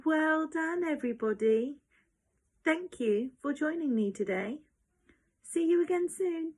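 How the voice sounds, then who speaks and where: A woman's voice: high-pitched, expressive, a little slow, pauses often, a little mellow. A woman teaching young children, talking in an exaggerated, encouraging, sing-song way and sometimes dropping to a whisper. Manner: drops into whispers at times.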